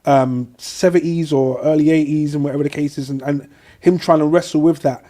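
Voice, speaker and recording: A man's voice: a little high, fairly even intonation, fairly quick, dark tone. A man co-hosting a podcast, talking in long, thoughtful, rambling turns. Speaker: podcast co-host. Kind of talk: casual podcast chat.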